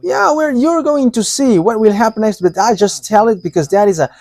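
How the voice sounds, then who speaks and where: A man preaching a live sermon, halting, with frequent pauses and fillers, and chuckling between statements. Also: high-pitched, a little mellow, no echo.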